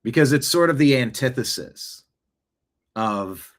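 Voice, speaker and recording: A man's voice: mid-range voice, lively intonation, a little slow. Male host, casual rambling political commentary, talks off the cuff with asides. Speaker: show host. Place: home studio, seated.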